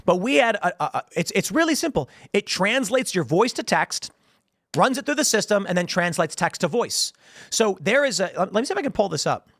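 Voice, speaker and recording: A man in his thirties, from the United States, hosting online commentary in a rambling, animated way, often acting out voices. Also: high-pitched, brisk, dry recording. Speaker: host. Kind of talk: online commentary on a news clip.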